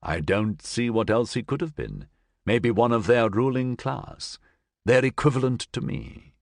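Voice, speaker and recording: A man voicing Captain Phileas, a grave aristocratic captain who speaks in a measured way. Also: mid-range voice, animated, gravelly, no room sound, studio quality.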